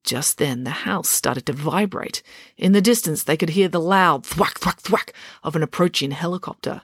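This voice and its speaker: A woman reading a children's chapter book aloud, steady and expressive. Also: low voice, moderate pace, breathy edge, dry recording, studio quality. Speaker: storyteller.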